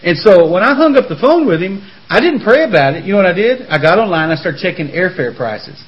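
Fast-talking preacher man, lo-fi studio. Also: sits high, sing-song. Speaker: host of a Christian talk show. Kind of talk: lively preaching conversation.

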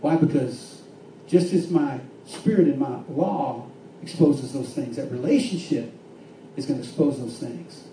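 A man preaching a sermon, swinging between fervent shouts and hushed, quiet stretches. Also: mid-range voice, a little slow, slight background noise. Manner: impassioned preaching with rising shouts and hushed drops. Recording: echoey room from far off with faint ambience.

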